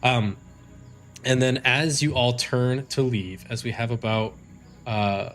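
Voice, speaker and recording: A man's voice: medium pitch, steady tone, takes it slowly, a bit bright, soft background music. A man narrating as game master of a tabletop game stream, casual and rambling with fillers and restarts.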